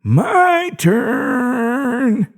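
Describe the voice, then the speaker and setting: A man voicing an elderly security guard possessed by an ancient evil, talking with a childlike, cackling excitement. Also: very high voice, slow, vocal fry, pitched above the performer's own voice, heavily acted. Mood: taunting. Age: older. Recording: dry close-mic narration.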